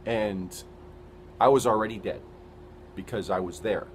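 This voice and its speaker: A man giving an earnest, halting personal testimony, retelling events with quoted dialogue. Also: lowish voice, a little hiss or hum.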